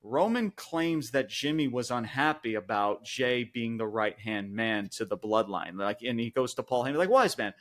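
A man co-hosting a podcast, recapping a wrestling show in casual chat, excited and swearing freely with lots of fillers. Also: medium pitch, moderate pace, hardly any pauses. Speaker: podcast co-host reviewing wrestling.

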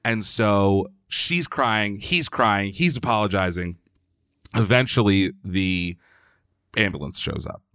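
A man's voice: on the low side, lively intonation, takes it slowly, sharp tone, clear, resonant tone, dry recording, clean studio sound. A man from Philadelphia, a podcast guest, telling a long story in a loose, chatty way, full of "like" and the odd swear word. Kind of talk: casual storytelling.

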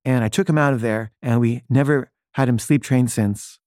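Conversational dad, mid-pitched, dry close sound, rambling with filler words. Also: male voice, normal speed, a little mellow, no room sound. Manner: loose, peppered with "like" and "you know". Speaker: father telling a personal story. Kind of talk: casual anecdote.

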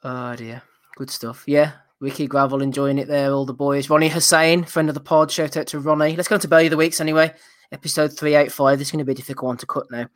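A man hosting a casual podcast, reading out listener nominations with a jokey, quick manner and frequent laughter. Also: a little high, level tone, dry recording, clean studio sound. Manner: jokey, laughs often, quick read-outs.

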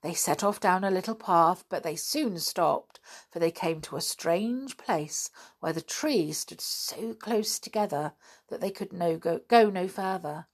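Woman storyteller, children's book, unhurried, gravelly edge, lively lilt. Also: lowish voice. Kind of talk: reading a children's book aloud.

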